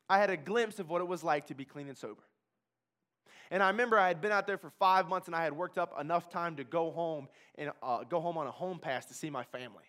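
A man from Kentucky telling his recovery story as a personal testimony, emphatic and repetitive, swinging from hushed to loud. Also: fairly high pitch. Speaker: speaker sharing a recovery testimony.

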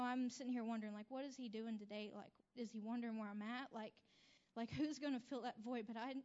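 A woman's voice: a little high, warm tone, dull audio. A young woman telling a group about her mission trip in an emotional, chatty testimony full of "like" and "you know". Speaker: returned mission intern sharing testimony. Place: speaking before a group.

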